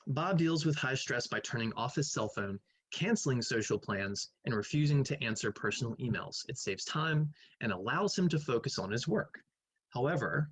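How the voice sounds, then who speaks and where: A man's voice: mid-range voice, slightly rough, rough recording. A man who teaches math, casually reviewing quiz answers in a recorded lecture, thinking aloud and humming between questions.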